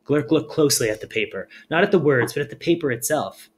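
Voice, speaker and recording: A man reads a storybook aloud at a calm, steady pace. His delivery is measured and even. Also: on the high side. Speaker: audiobook reader. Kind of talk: storybook narration.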